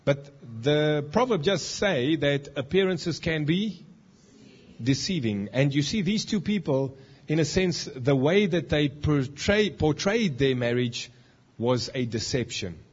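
A man preaching a lively sermon in a church, joking and teasing the congregation as he demonstrates a point. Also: on the high side, measured pace, slightly rough, highs cut off. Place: church hall.

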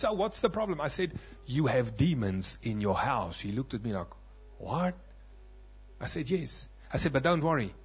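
A male preacher giving a sermon testimony, telling his story dramatically and acting out voices, swinging from loud bursts to hushed moments. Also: medium pitch, breathy edge.

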